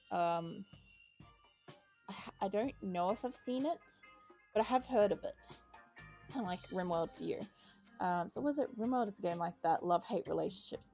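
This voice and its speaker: A young woman streams a game in a loose, rambling way, swearing and scolding the characters on screen. Her voice sits at an ordinary middle pitch. Faint music plays underneath. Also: darkish tone. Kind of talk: casual gameplay commentary.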